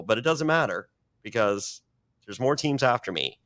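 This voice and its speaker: Speaking at a moderate pace in a medium-pitched voice, this man is a podcast guest spinning casual stories. He swears a lot, rambles, and keeps restarting his sentences, coming across as animated and profane.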